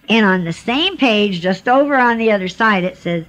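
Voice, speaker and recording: A woman's voice: medium pitch, animated, normal speed, fairly bright tone, rough recording. A woman giving her personal testimony to a church congregation, earnest and emotional, sometimes preaching.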